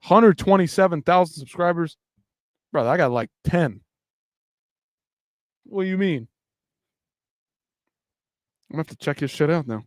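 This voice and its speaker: A man's voice: a little high, lively intonation, fast talker, no room sound. Tired male streamer, loose and foul-mouthed, bone-dry mic. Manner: loose, profane, rambling with restarts. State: tired late at night. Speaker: livestream host. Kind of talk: casual live-stream chat.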